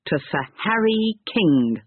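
A pompous elderly gentleman, proud and sentimental, speaking with grand formality, as a man reads him. The husky voice comes through a thin, tinny channel with a dry close sound. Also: high voice, big pitch swings, slow, no echo, pitched above the performer's own voice, heavily acted. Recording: tinny narrow-band recording.

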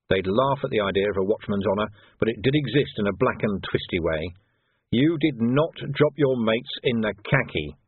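A man reading a story aloud in a measured, wry narration. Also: fairly low pitch, breathy edge, no echo. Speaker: audiobook narrator. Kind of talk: scripted narration. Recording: tinny narrow audio, dry.

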